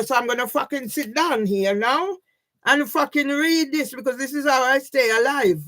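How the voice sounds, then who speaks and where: Agitated high-voiced woman vlogging. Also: moderate pace, fairly bright tone. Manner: agitated, heavy swearing, repeated questioning "yeah?". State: sleepless and overwrought. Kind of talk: emotional personal vlog monologue.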